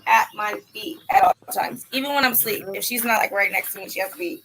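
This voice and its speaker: A woman hosting a casual livestream chat, blunt and animated, sometimes trailing off into near-whispers. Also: medium pitch, fast talker, creaky, background noise. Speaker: livestream host.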